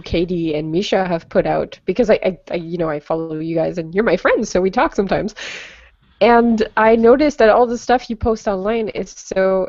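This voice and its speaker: A woman's voice: medium pitch, darkish tone, no echo. Woman chatting through a cheap, dull mic. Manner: chatty, apologetic, self-deprecating. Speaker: panel moderator. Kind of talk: casual online panel chat. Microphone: cheap computer microphone on a call.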